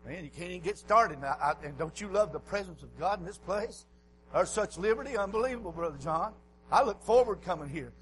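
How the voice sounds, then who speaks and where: Preacher, high-pitched, shouting at times. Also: male voice, lively intonation, a little fast, slight background noise, poor audio. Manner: folksy, swings from low murmurs to hoarse shouting. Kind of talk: revival sermon. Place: church.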